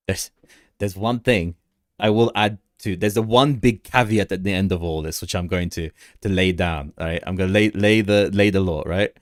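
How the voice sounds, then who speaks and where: A man's voice: low-pitched, normal speed, dry recording, studio quality. A young man hosting a casual crypto livestream, rambling through charts, greeting viewers in the chat and laughing often.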